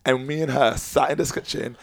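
Brief: male podcast guest, mid-pitched, earnest and rambling, very dry close-miked sound. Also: steady tone, a little fast, vocal fry, dry recording. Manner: earnest, rambling with many fillers and restarts. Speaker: professional dancer and choreographer, guest. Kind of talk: casual podcast chat.

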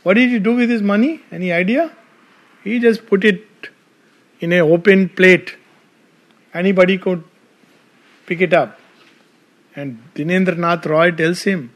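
A man's voice: high-pitched, a little slow, long pauses. A man with an Indian English accent giving a devotional talk to an audience, telling stories and asking the listeners questions. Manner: animated storytelling, asks the audience questions. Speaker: spiritual speaker.

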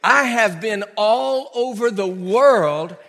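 An older man preaching to a congregation in a church, telling a funny story in an animated way and laughing often. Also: sits high, slow pace. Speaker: pastor. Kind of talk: storytelling sermon. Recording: long reverb from a large church hall.

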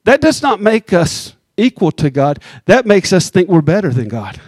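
Male pastor, high-ish voice, conversational sermon delivery with slow emphatic beats, dry close recording. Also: very animated, a little mellow, slightly rough, dry recording. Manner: conversational preaching, teasing the congregation, slows down for emphasis.

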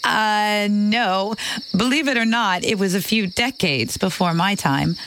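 A woman playing an older grandmother in a children's radio drama, gentle and teasing as she explains things patiently. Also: medium pitch, unhurried, lightly acted. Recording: cricket ambience noise behind.

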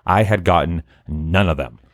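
Male co-host, low voice, a bit hoarse from the morning, loose rambling chat, dry close mic. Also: normal speed, dry recording. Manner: laughs often, rambling with restarts. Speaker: podcast co-host. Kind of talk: casual chat.

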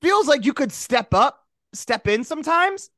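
A podcast co-host with a bright, sharp voice that rides up and down through a lively ramble. The sound is dry and close, with no room in it. They trip over restarts and break into mock voices. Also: high-pitched, unhurried, no echo. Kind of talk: casual chat.

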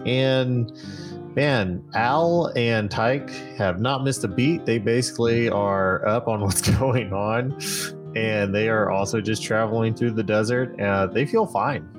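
A man's voice: lowish voice, takes it slowly, over music. A man playing in a tabletop game who muses aloud and corrects himself while describing his character. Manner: self-correcting, musing aloud. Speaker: player. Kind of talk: casual chat describing a character.

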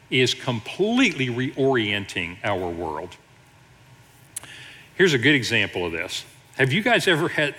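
A middle-aged man, an executive pastor, preaching a sermon in an animated way with joking asides. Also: medium pitch. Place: church sanctuary. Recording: long church reverb.

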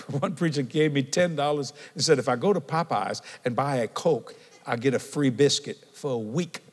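A man's voice: mid-range voice, moderate pace. An older man preaching a sermon, telling stories animatedly and asking the congregation questions. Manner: animated storytelling, calls and responses with the congregation. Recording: long hall reverb.

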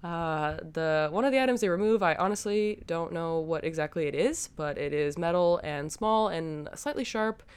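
A young adult woman hosts a podcast and chats her way through a film recap. Her voice is strikingly smooth and clear, sitting a little low. She talks loosely, with plenty of "um" and "like" along the way. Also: normal speed, hardly any pauses. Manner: chatty, many fillers and hedges. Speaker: podcast host.

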